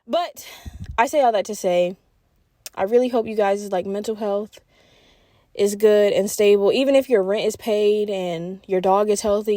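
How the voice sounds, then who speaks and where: A young adult woman hosting a solo podcast, talking in a rambling, blunt, swear-heavy casual rant with bursts of fast, animated talk. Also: medium pitch, dry recording, studio quality. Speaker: podcast host.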